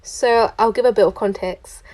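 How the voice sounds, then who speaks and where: A woman's voice: medium pitch, steady tone, normal speed, a little mellow. Indignant young woman. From London, England. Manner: chatty, indignant, heavy use of "like". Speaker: traveller recounting a trip. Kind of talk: casual storytelling to camera.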